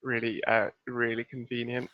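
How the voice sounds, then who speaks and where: A man playing a tabletop game, thinking out loud with lots of fillers as he picks a spell. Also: mid-range voice, flat delivery, moderate pace, lo-fi sound. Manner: thinks aloud, rambling with fillers. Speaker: player. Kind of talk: casual tabletop game talk.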